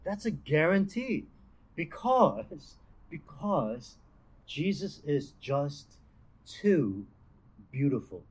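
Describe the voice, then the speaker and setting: A man's voice: on the high side, big pitch swings, drawn-out words, long pauses, husky, rough recording. A young man giving a casual devotional talk as a campus ministry speaker, chatty and full of fillers and restarts. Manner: conversational, lots of fillers and restarts.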